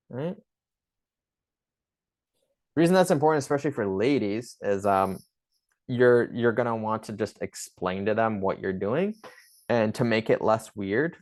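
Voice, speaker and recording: A man teaching a few Spanish phrases for patient exams, in a loose, chatty way, slowing down to say each phrase carefully. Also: on the low side, darkish tone. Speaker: chiropractor teaching clinic Spanish. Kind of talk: casual instructional talk.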